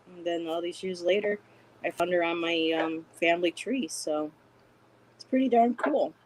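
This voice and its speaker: A woman talking as a guest on a spiritual chat stream, gentle and encouraging, with many pauses and fillers. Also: on the low side, slight background noise, low-quality recording. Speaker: guest intuitive reader.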